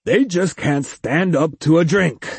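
A man voicing a jolly, enormous male cyborg bully in an audiobook, booming and mocking. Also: measured pace, husky, no room sound, full character voice. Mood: jovial mocking.

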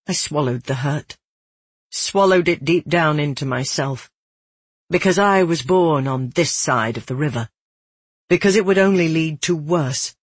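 An audiobook narrator reading first-person fiction in a measured, even storytelling manner. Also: mid-range voice, slightly rough, dry recording.

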